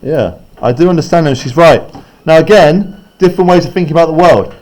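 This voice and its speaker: A man's voice: a little high, a little fast, a little mellow. Chatty male teacher explaining a play. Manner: chatty, explaining, often checks in with "right?". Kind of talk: classroom text analysis.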